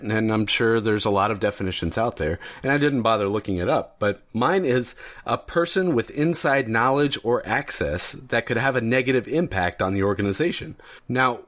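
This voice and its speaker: A man's voice: medium pitch, fairly bright tone. A man hosting a solo podcast, talking casually and rambling a bit with fillers and restarts. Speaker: podcast host.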